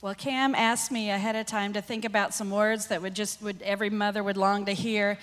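A woman's voice: mid-range voice, fairly quick. A woman who leads a women's ministry, speaking eagerly on stage. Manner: eager, excited. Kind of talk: stage interview. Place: large church. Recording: echoey church hall.

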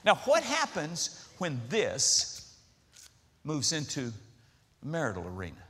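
A woman's voice: deep voice, wildly swooping pitch, unhurried, a bit bright, slight background noise. A woman pastor preaching to a congregation, telling a story with laughter and acting out the voices of people in it. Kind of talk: sermon with storytelling. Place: church before a congregation.

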